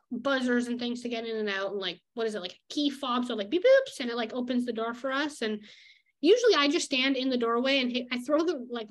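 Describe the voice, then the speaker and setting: A young woman vlogger chatting casually about her daily routine, full of "like" and easy laughs. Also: a little high. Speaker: illustrator vlogger. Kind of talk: casual vlog chat.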